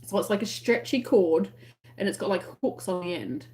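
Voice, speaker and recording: A chatty Australian woman on a relaxed livestream, reading out viewer comments and explaining everyday words. She talks in a loose, giggly way, pitched in the middle for a woman. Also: moderate pace. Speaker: crochet livestream host.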